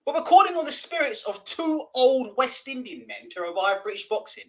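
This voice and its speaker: West Indies-born vlogger, animated and profane, high lively voice. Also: male voice, normal speed, few pauses. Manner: animated, laughing, swearing. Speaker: boxing vlogger. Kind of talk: casual ranting vlog.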